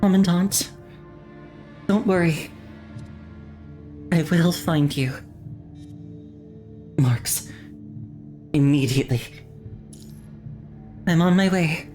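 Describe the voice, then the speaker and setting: A woman voicing a calm, steady young female android soldier, reading the game's lines in a measured, earnest way. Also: lowish voice, soft background music, voice pushed up. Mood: urgent, concerned.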